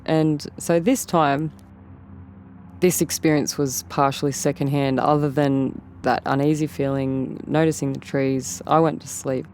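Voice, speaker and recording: A woman's voice: sits low, fairly even intonation, measured pace, a little mellow, slight background noise. A woman with an Australian accent, telling an interviewer a story in a rambling way and often repeating and rephrasing herself. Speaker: interview guest. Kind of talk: casual storytelling.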